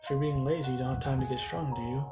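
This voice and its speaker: A man's voice: medium pitch, fairly even intonation, racing, music in the background, lightly acted. A man voicing an eager, determined young male ninja in a fan-made story, in his own everyday voice. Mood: earnest.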